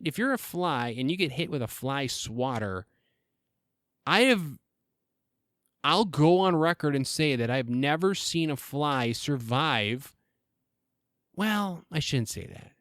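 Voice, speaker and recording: A man's voice: mid-range voice, a bit bright, no echo, studio quality. Rambling, joking male podcast host. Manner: rambling, self-interrupting, profane and joking. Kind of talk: casual solo podcast monologue.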